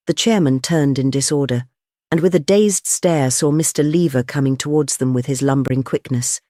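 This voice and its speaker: An audiobook narrator reading a classic detective story in a measured, even way. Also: medium pitch, no room sound, clean studio sound. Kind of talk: scripted narration of a classic novel.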